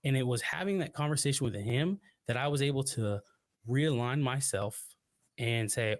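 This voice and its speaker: A man's voice: medium pitch, normal speed, dry recording. A young man telling a personal story as a podcast guest, earnest and reflective, often restarting his sentences.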